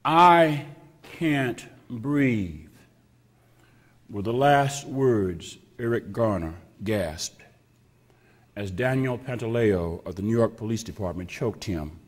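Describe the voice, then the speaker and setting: A man preaching a sermon as pastor, slow and emphatic, repeating phrases with heavy pauses and sometimes dropping to a whisper. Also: lowish voice, a little mellow. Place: church sanctuary. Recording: long reverb of a church hall.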